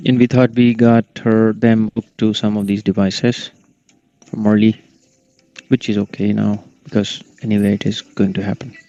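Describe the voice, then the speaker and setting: A man's voice: fairly low pitch, level tone, moderate pace, dark tone, no room sound. Man, casual podcast chat, laid-back, laughs a lot, dry close sound, dull lo-fi audio. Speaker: podcast co-host.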